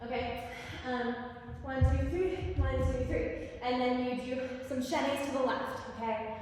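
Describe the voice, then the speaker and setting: A woman's voice: high-pitched, fairly even intonation, a little slow, darkish tone, slight background noise. A young woman teaching a dance combination in a studio, chatting, counting steps and singing lyrics along. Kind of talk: casual dance instruction. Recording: echoey studio, voice from far off.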